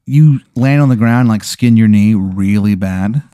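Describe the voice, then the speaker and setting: A man's voice: fairly low pitch, a little slow, smooth, no echo, studio quality. Rambling man spinning an absurd tale. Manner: rambling, full of "like" and "uh", deadpan absurd. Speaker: podcast host telling an absurd hypothetical. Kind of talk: casual improvised storytelling.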